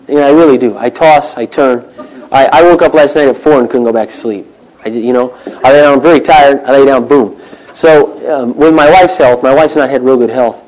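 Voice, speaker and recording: Middle-aged male pastor, sermon delivery, animated, drops to near-whispers. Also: medium pitch, moderate pace, a faint crowd, rough recording. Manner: animated, swings from loud to hushed.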